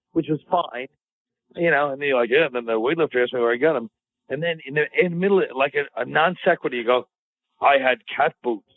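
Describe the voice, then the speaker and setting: A man co-hosting a podcast, needling his partner in casual, profane banter with a sarcastic edge. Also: medium pitch. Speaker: podcast co-host. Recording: phone-like lo-fi audio.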